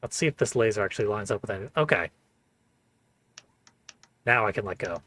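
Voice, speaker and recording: A man's voice: on the low side, lively intonation, fairly quick, a bit bright. A man hosting a let's play, giving casual, wry commentary and laughing often.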